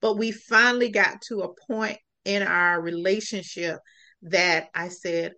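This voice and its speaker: A woman's voice: lowish voice, fairly even intonation, unhurried, sharp tone. A woman guest on a podcast, telling a personal story in an earnest, reflective way.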